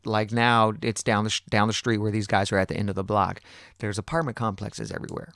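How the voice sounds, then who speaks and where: A podcast host with a lowish, fast-moving voice tells a long story casually, cursing constantly and acting out what other people said. The recording is studio quality, with no room sound.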